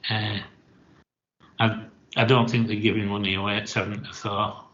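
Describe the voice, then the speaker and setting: A man's voice: on the low side, level tone, normal speed, a bit bright, lo-fi sound. A man on a racing panel, terse and to the point. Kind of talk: casual racing tipster chat.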